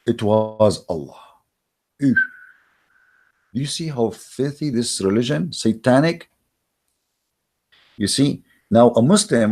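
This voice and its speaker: A man's voice: medium pitch, darkish tone, slightly rough. A man giving a heated, scornful monologue as an online religious debater, mocking and emphatic, with frequent fillers and restarts. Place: recorded while in Germany.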